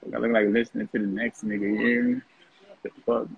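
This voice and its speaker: A man's voice: medium pitch, very animated, quick pace, vocal fry, husky, dry recording. A man from North Richmond, California, talking bluntly and brashly in a profane, mocking monologue about prison life. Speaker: former prison inmate telling his story. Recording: phone-like lo-fi audio.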